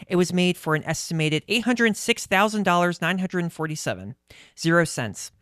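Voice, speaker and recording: A man's voice: high voice, expressive, normal speed, fairly bright tone, no echo, studio quality. A man co-hosting a casual podcast, chatty and rambling, laughing often, sleep-deprived. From United States. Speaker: podcast co-host. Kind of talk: casual chat.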